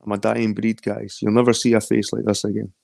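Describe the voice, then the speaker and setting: A man's voice: lowish voice, flat delivery, fairly quick, creaky, a little mellow, no room sound, clean studio sound. A man with a Scottish accent in a rambling, casual late-night chat, swearing freely. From London. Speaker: chat guest.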